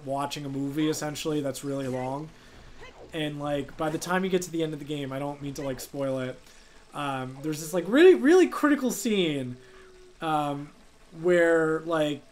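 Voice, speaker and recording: A man with a slightly higher voice chats casually while streaming a game, rambling and full of fillers. Faint game music plays behind him. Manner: rambling, heavy use of "like" and "um". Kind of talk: casual live gameplay chat.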